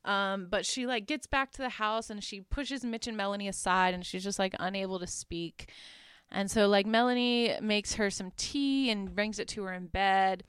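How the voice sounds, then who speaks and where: A woman's voice: mid-range voice, moderate pace, a bit bright, clean tone, no echo, clean studio sound. Chatty young woman recapping a movie. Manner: chatty, lots of "like", laughs at her own asides. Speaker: podcast host.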